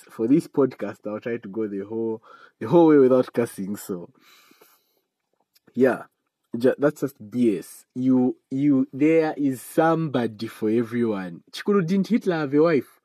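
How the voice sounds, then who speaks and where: A man hosting a casual solo podcast and giving chatty advice. He jokes as he talks, laughs at his own asides, and breaks into sudden animated outbursts. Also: measured pace, low-quality recording. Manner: animated outbursts with sudden high pitch jumps. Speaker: podcast host.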